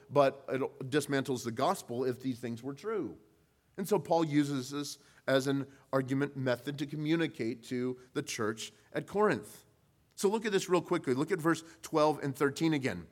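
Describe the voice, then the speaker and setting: Male pastor, sermon delivery, slightly high voice, rhetorical swells and quiet drops. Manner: rises in pitch and volume for emphasis, then drops low; rhetorical questions to the congregation.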